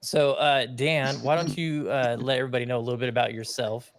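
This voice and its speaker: A man's voice: mid-range voice, flat delivery, fairly quick, no echo. A man hosting a podcast in a casual, jokey chat, laughing along easily. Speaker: podcast host.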